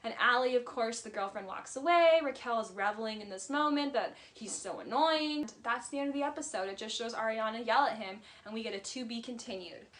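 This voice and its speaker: Bright, blunt woman vlogger. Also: fairly high pitch, a little fast, hardly any pauses, slight background noise. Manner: blunt, heated, swears freely. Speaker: vlogger recapping a reality show. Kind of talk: casual commentary.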